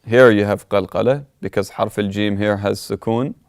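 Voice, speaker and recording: A man's voice: fairly low pitch, quick pace, no echo, clean studio sound. A man teaching a recitation lesson, patiently explaining and demonstrating how each word should sound. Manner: calm, patient, repeats words to contrast right and wrong sounds.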